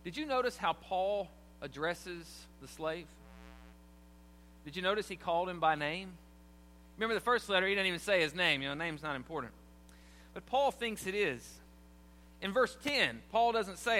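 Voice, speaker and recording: A man's voice: sits high, animated, moderate pace, long pauses, pushed and bright. A man preaching a sermon in a conversational way, often asking his congregation questions. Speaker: pastor. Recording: long hall reverb, faint hum.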